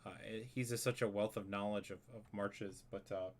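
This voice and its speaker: In a casual screen-share tutorial, a man explains a music arrangement as he edits a score, thinking aloud, rambling, and correcting himself along the way. He speaks at a moderate pace with a fairly low pitch and fairly even intonation.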